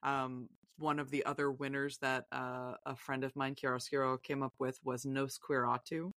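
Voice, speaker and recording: A woman's voice: rumbling low, flat delivery, moderate pace, a bit bright, dry recording, studio quality. A woman guest on a podcast, chatting casually in a rambling, self-deprecating way and laughing often. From Virginia, US.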